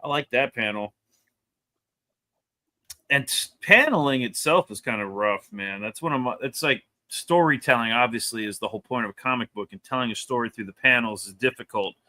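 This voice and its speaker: A man reviewing comic books in casual chat, animated and rambling, laughing often as he talks. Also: medium pitch, brisk.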